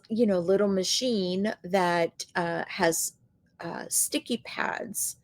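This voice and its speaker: A woman vlogger telling a story to her viewers in a chatty, expressive way and laughing as she goes. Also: medium pitch, no room sound. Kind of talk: casual storytelling to camera.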